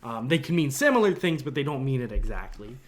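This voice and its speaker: A man's voice: medium pitch, very animated, brisk. A man co-hosting a podcast in casual chat, from the northern United States, rambling, often laughing and trailing off. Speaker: podcast co-host.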